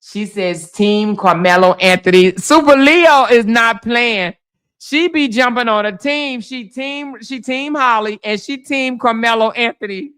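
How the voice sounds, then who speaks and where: A middle-aged woman hosting a casual livestream, chatting to viewers and telling stories in a lively, animated way. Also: on the high side, unhurried, hardly any pauses, clean tone. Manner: animated storytelling, reads viewer comments aloud. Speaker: livestream host.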